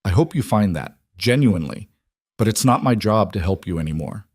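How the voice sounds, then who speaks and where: Man reading as a calm, firm businesswoman. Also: fairly low pitch, no echo, studio quality. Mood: calm firmness. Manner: quiet, measured. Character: composed businesswoman, calm, firm, middle-aged.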